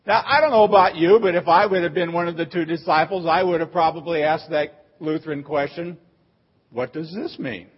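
A man with a high, husky voice preaches a sermon from a church pulpit. He teaches in a steady, explaining way, then swells into emphatic cries on the phrases he quotes. The recording sounds dull and muffled. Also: brisk, hardly any pauses. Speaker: pastor.

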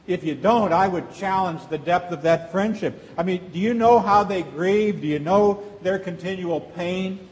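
A middle-aged pastor delivers a sermon in a fairly high voice, talking with the congregation rather than at it. He leans on rhetorical questions. A long reverb from the church hall trails after his words. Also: unhurried, darkish tone. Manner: conversational preaching with rhetorical questions. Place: church sanctuary.

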